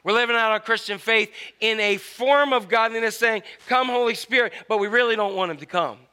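Bright-voiced preacher telling a story. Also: male voice, sits high, a little fast, clear, resonant tone. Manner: storytelling, animated, with acted-out quotes. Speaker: pastor. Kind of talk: sermon.

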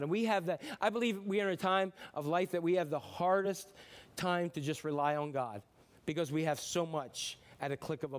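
High-voiced man preaching a casual sermon. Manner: conversational preaching with restarts and acted-out voices. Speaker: pastor.

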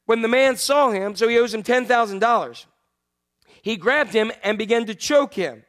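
High-voiced male pastor preaching conversationally. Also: expressive, moderate pace. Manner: conversational preaching with rhetorical questions to the congregation; swings between loud emphasis and quiet, hushed lines. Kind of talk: sermon.

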